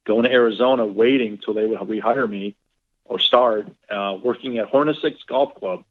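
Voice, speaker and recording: A man on a podcast, a golf professional, telling long stories in a rambling, animated way full of fillers. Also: on the low side, moderate pace. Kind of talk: casual storytelling interview. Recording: phone-line quality.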